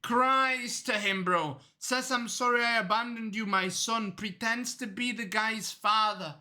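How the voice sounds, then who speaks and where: A man streaming a reaction video, riffing in an excitable, rambling, goofy way. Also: high-pitched, unhurried.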